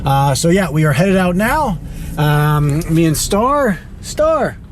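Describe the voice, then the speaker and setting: Man, dog trainer, vlog chat on the move. Slightly high voice, winded, heavy outdoor and traffic noise. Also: big pitch swings, slow. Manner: chatty, talks to his dogs between remarks. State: out of breath. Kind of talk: casual vlog narration while walking and driving. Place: outdoors on a beach walk near a road, then in a car.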